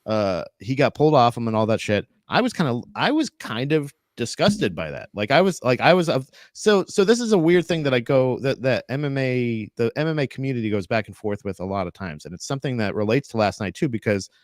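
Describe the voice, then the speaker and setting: Podcast co-host, man, mid-pitch, rambling delivery, dry close sound. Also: very animated, fairly quick, few pauses, dry recording. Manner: rambling, many restarts, laughing asides. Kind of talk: casual chat.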